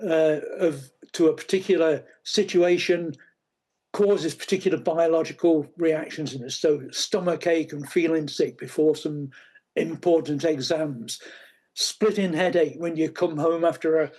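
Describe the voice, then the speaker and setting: A man's voice: on the high side, steady tone, a little mellow. A man, a guest expert, giving explanatory interview answers with frequent fillers and restarts. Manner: halting, many fillers and restarts.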